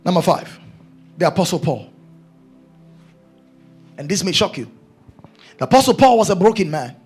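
A man's voice: sits high, very animated, normal speed, a little mellow, husky, soft background music. A male preacher delivering a sermon, emphatic and repeating his key phrases.

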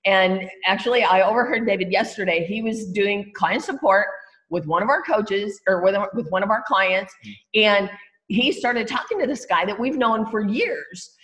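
A woman's voice: mid-range voice, moderate pace, fairly bright tone. A woman co-leading a team training call, chatty and laughing easily as she speaks straight to the group. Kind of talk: casual training talk on a call.

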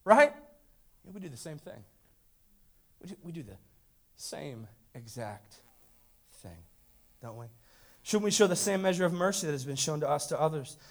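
Male pastor, 30s, high voice, sermon delivery with dramatic hush-to-loud swings and rhetorical questions. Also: expressive, normal speed, long pauses.

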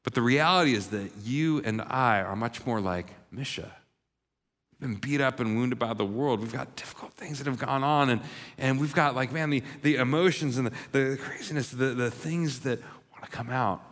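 A man's voice: mid-range voice, normal speed, a bit bright. A man preaching a sermon, telling a story and acting out the voices of its characters. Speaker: pastor. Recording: long reverb of a large hall.

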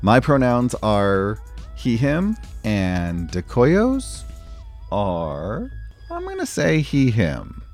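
A man's voice: medium pitch, huge pitch swings, drawn-out words, darkish tone, faint music behind. A man hosting a tabletop podcast, reading announcements in a friendly, upbeat way. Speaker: podcast host and player. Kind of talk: read announcements and casual chat.

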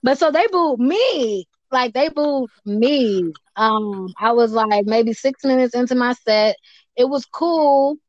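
A woman's voice: a little high, animated, takes it slowly, dry recording, muffled recording. A young woman stand-up comedian telling stories in a casual interview, blunt and profane.

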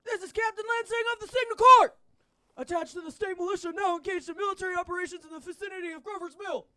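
A woman's voice: extremely high pitch, fast, sharp tone. A young woman playing a panicking male army captain in an amateur radio play read-through. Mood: urgent.

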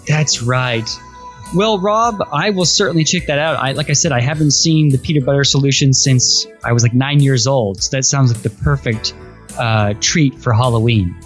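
A man's voice: medium pitch, normal speed, faint music behind. A man co-hosting a podcast in casual chat, enthusiastic and rambling, often restarting his sentences. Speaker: podcast co-host.

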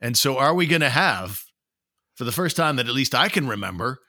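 A man co-hosting a casual sports podcast, laying out news in a measured, informative way. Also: mid-range voice, sing-song, sharp tone, no room sound, studio quality. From Canada. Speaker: podcast co-host.

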